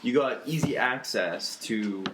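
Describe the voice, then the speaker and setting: A man's voice: medium pitch, a little slow, background noise. A young man co-hosting a podcast, chatting casually in a rambling, opinionated way with many restarts. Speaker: podcast co-host. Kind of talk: casual chat.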